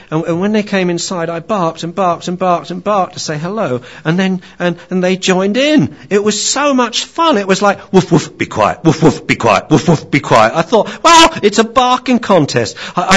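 A man voicing an anxious, lonely young dog with a high, whiny, rambling voice in a lo-fi recording. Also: fairly bright tone, heavily acted.

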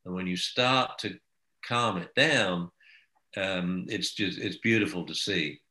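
A man who trains dogs, giving calm, anecdotal advice in a casual chat and dropping to a hush for soothing commands. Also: deep voice, takes it slowly, echoey room. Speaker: dog trainer.

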